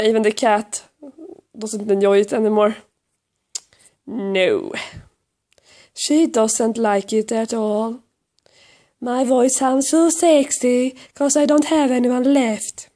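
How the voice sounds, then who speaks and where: A hoarse, fairly high-pitched woman with a darkish tone and a Swedish accent lies on her couch at home with a cold. Filming her cat for a vlog, she chats casually to the camera and baby-talks to the cat in a rambling, self-mocking way.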